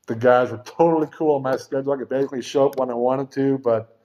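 A man's voice: mid-range voice, steady tone, fast talker, dark tone. A middle-aged man telling his own recovery story at a meeting, in a rambling, frank way with casual swearing. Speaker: speaker sharing a recovery story. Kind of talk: personal testimony at a recovery meeting. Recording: dull lo-fi recording.

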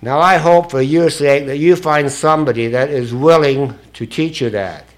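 An older man telling his story to a recovery meeting, blunt and profane and self-mocking, swinging from hushed recollection to loud laughter. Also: on the high side, moderate pace. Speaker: speaker sharing at a recovery meeting. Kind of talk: storytelling speech to an audience.

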